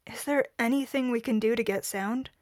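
A woman's voice: on the high side, moderate pace, a little mellow, no room sound, clean studio sound, natural voice. A woman voicing an earnest, troubled male soldier who speaks in a strained way while reading a story aloud.

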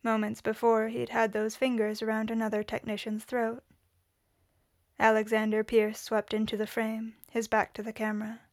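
A woman reading fiction aloud in a steady, measured narration. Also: on the high side, no room sound, studio quality. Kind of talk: audiobook-style fiction reading.

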